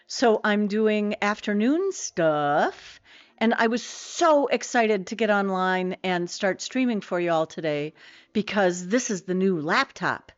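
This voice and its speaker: A woman's voice: medium pitch, no echo, highs cut off. A middle-aged woman streaming a game, chatting casually with viewers in a rambling way full of fillers and self-corrections.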